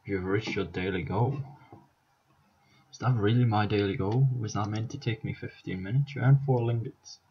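A man from Scotland chats his way through language-app practice in casual let's-play fashion, thinking aloud and laughing off his mistakes. He has a fairly low, warm, slightly rough voice at a moderate pace, and the high frequencies are cut off.

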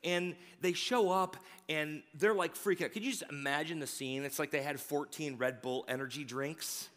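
Energetic preacher with a stammer, long reverb. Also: male voice, fairly high pitch, normal speed. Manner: energetic, conversational, occasional stammering. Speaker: pastor. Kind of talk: sermon. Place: large church sanctuary.

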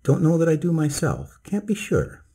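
A man voicing a cheerful middle-aged male country doctor who talks in brisk, teasing, clipped phrases. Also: a little high, huge pitch swings, warm tone, husky, pitched above the performer's own voice, heavily acted. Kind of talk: storybook reading.

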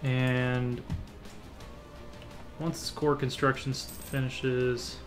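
A man's voice: mid-range voice, flat delivery, very slow, music in the background. A man hosting a strategy game playthrough, thinking aloud as he clicks through menus and muttering half-finished plans. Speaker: let's play host. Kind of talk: casual gameplay commentary.

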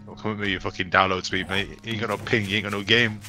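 Swearing gamer man over loud game music. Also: lowish voice, fairly even intonation, fast. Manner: swears a lot, says "mate" often. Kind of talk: casual gaming chat with a friend. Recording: game music playing loudly behind.

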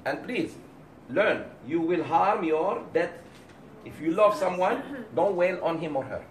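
A man lecturing a class of women, his voice rising and falling in an animated way and slipping into the voices of the people he quotes. His pitch sits a little high for a man. He is recorded from across an echoey room, with a faint hiss behind him. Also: unhurried. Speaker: Islamic teacher. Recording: roomy, distant mic, faint background.

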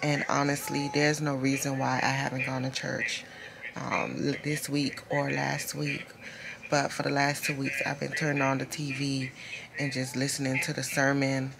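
A woman vlogger talks to her phone camera in a deep, gravelly voice, laid-back and full of filler words. She speaks slowly and easily. Heavy background noise runs under everything she says. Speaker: lifestyle vlogger. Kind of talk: casual vlog chat.

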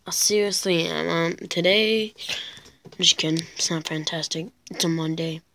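A woman's voice: fairly low pitch, steady tone, moderate pace, vocal fry, pushed and bright, a little hiss or hum, low-quality recording. A teenage girl chatting casually while playing a video game, rambling and mocking herself as she goes. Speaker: gameplay commentator. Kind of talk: casual gameplay commentary.

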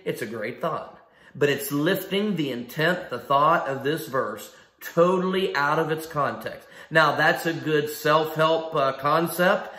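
A man's voice: sits high, bright, forceful tone, echoey room. A man preaching a sermon in an emphatic style, asking rhetorical questions and repeating key phrases. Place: church sanctuary.

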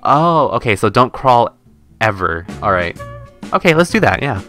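Bright-voiced chatty young man gaming. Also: medium pitch, moderate pace. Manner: chatty, excitable, gasps and squeals when scared. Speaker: gaming YouTuber. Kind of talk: casual let's-play commentary. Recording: faint game music behind.

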